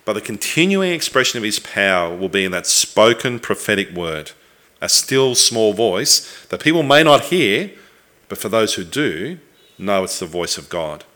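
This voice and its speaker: A man preaching a sermon, earnest and reflective, with thoughtful pauses and the odd restart. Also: fairly low pitch, big pitch swings, pushed and bright.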